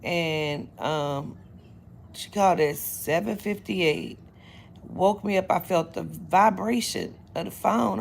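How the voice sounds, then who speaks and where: A woman reader chatting casually to her viewers, blunt and profane, retelling her day with lively quoted dialogue. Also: lowish voice, a little slow, creaky, slight background noise. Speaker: spiritual reader. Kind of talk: casual storytelling to camera.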